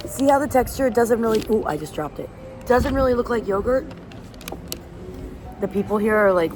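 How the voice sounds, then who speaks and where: With a slightly high voice and lively intonation, she speaks at a moderate pace and leaves long pauses. This woman is a travel vlogger casually narrating to camera as she moves between outdoor locations and cafes, excited about food and places, while street and traffic noise runs underneath.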